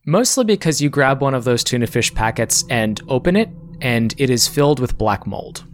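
A man running a tabletop game as game master, narrating scenes in a measured way with small pauses and restarts. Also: mid-range voice, animated.

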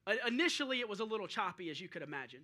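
A man's voice: high-pitched, sing-song, very fast. A man preaching a sermon, building through repeated rhetorical questions. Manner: preaching with rhetorical questions and drill-call shouts. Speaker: pastor.

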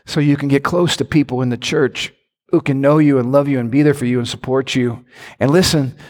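A man preaching a sermon as a pastor, animated, with sudden shouts and playful impressions. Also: mid-range voice. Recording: long church hall reverb.

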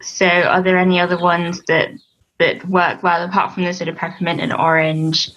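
A woman from England calling in with a question, speaking hesitantly in halting phrases. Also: on the low side, little pitch movement, a bit bright. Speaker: caller. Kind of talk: casual question on a call. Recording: dull lo-fi call audio.

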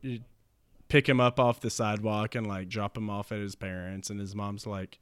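A man chatting loosely as he spins out a story, laughing often and dropping into quick voices for each character. His voice is smooth and resonant, and the sound is dry and close. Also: on the low side, level tone, no room sound. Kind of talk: casual chat pitching a movie plot.

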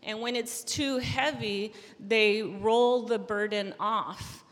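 A young Christian woman gives a casual devotional talk, earnest and chatty, with frequent restarts and filler words. Her voice is on the high side and slow, heard in a big-room sound.

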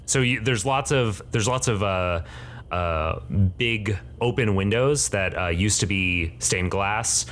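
A man's voice: on the low side, slow pace, a bit bright, slight background noise. A man narrating as game master for a tabletop game, hesitant with many fillers.

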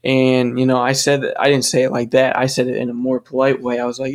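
A man's voice: mid-range voice, completely flat delivery, fairly quick. Young male podcaster, casual, swears freely and rambles through his gripes. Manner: profane, ranting, rambling with restarts. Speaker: podcast host. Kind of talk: casual solo podcast monologue.

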